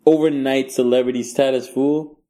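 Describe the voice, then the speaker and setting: A man's voice: mid-range voice, moderate pace. A man co-hosting a podcast in casual banter, profane and laughing as he spins stories. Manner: animated, profane, laughing storyteller. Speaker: podcast co-host.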